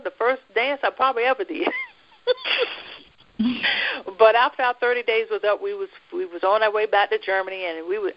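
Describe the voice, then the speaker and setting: Lively American woman telling her story. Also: medium pitch, muffled recording. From United States. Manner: lively storyteller, often laughing and acting out quoted dialogue. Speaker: guest telling a personal story. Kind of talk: personal faith testimony.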